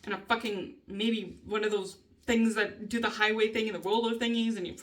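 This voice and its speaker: A woman's voice: mid-range voice, steady tone, brisk, distant mic, a little hiss or hum. A woman vlogger venting in a rambling, casual way, swearing heavily and laughing often between thoughts. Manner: rambling, heavy swearing, frequent nervous laughter.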